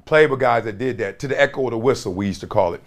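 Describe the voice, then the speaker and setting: A former football player hosting a sports talk show, talking animatedly, laughing and acting out quotes. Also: male voice, medium pitch, fast. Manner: lively, laughing, acts out quotes.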